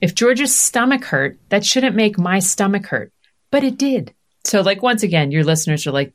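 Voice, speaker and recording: Lively woman talking candidly. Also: mid-range voice, normal speed. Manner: animated, acts out quoted voices. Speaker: podcast guest. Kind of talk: candid conversational interview.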